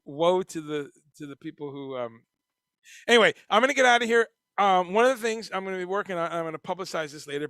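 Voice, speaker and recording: Gravelly, bright-voiced male livestream host. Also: a little high, no room sound, studio quality. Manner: profane, animated, reads chat comments aloud. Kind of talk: casual livestream chat.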